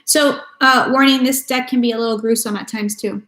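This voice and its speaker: A woman's voice: a little high, steady tone, fairly quick, bright, forceful tone. A woman giving a casual tarot reading to her viewers, talking bluntly and with a lot of swearing. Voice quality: blunt and profane. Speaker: tarot reader. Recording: echoey room with faint music.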